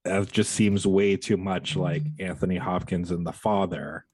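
A man's voice: low-pitched, fairly even intonation, measured pace, a little mellow, slightly rough, no room sound, rough recording. A man co-hosting a casual film chat, joking and blunt, swearing freely. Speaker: co-host.

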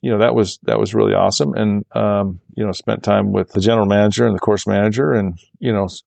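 A man with a low, gravelly voice tells a long travel story in a relaxed interview, full of restarts and asides. He brightens whenever he quotes the people he met. The sound is dry and close. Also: quick pace, no room sound. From Michigan, USA. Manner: rambling, animated when quoting others. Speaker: golf course architect guest.

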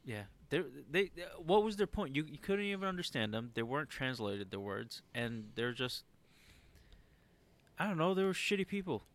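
A man's voice: a little high, big pitch swings, normal speed. Young man, blunt casual banter. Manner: loose, blunt, many fillers and short agreements. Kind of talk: casual chat.

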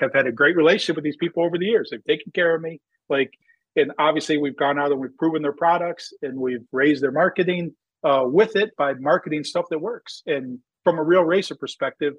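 Husky, rambling man telling a story. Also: a little high, dry recording, dull audio. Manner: rambling, filler-heavy, animated when quoting himself. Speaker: drag racer and magazine founder. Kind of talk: casual interview storytelling.

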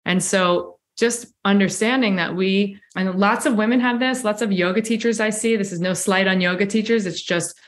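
A woman speaks as a guest in a relaxed interview, recounting a personal experience with candid reflection. She leans on "like" and "right?" as she goes. Her voice sits at an ordinary pitch for a woman. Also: moderate pace, few pauses. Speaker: podcast guest. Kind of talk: conversational storytelling.

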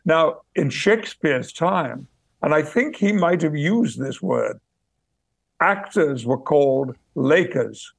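An older man from Yorkshire speaking in received pronunciation, telling stories in a measured, thoughtful way as a guest, pausing to search for words. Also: on the high side, expressive, creaky, breathy edge, no room sound. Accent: British received pronunciation. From Yorkshire, England. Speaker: guest, actor and memoir author. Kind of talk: reflective interview storytelling.

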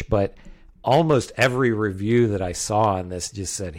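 A man with a fairly low voice chats through a movie review, circling his points and restarting sentences as he goes. He sounds relaxed and conversational, like a podcast co-host thinking aloud. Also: moderate pace. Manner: rambling, many restarts and hedges. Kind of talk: casual film review chat.

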